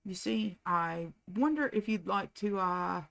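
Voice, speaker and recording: A woman's voice: medium pitch, creaky, fairly bright tone. A woman voicing a flustered young man who stammers and gasps out his words. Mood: nervous. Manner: stammering, halting, breathless.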